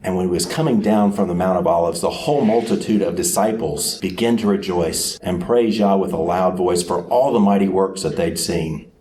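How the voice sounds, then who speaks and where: A man preaching a sermon who tells the story dramatically, sometimes acting out crowd voices with sudden shouts. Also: deep voice, normal speed, hardly any pauses, a little hiss or hum.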